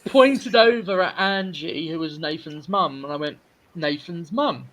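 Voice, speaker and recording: A man's voice: fairly high pitch, animated, normal speed, noisy background. A man, a filmmaker guest, chatting casually in an interview and telling rambling stories with stammered restarts.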